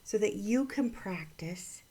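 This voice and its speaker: A middle-aged woman and mother telling a personal story and offering gentle encouragement, often dropping into soft whispers. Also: mid-range voice, expressive, slow pace. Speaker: vlog host giving encouragement.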